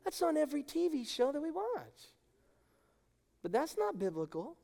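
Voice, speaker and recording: A man's voice: extremely high pitch, wildly swooping pitch, normal speed, vocal fry, mellow. A middle-aged male pastor preaching an emphatic, impassioned sermon to his congregation. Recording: long hall reverb.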